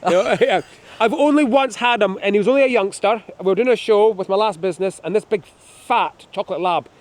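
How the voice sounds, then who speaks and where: Middle-aged male falconer, quick and light-voiced; chatty demonstrator who slips into jokey anecdotes, recorded outside on a breezy hill. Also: high-pitched. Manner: chatty, joking, animated anecdotes. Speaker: falconer showing birds of prey. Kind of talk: hands-on demonstration with storytelling. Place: outdoors on a windy hilltop.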